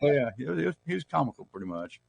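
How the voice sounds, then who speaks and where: A man's voice: medium pitch, big pitch swings, fast, creaky. A middle-aged man from Texas, telling rambling, folksy stories as an interview guest. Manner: rambling, folksy anecdotes with restarts. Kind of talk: casual storytelling in an interview.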